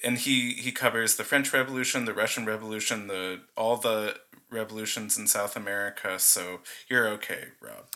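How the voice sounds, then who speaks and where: Very bright-voiced, wry podcast co-host. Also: medium pitch, steady tone, moderate pace. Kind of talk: casual chat.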